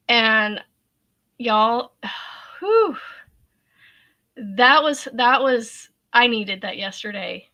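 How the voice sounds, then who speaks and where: Bright-voiced giggly woman host. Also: fairly high pitch, slow pace, pauses often. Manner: giggly, chatty, addresses viewers as y'all. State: laughing to tears. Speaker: crochet livestream host. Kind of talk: casual livestream chat.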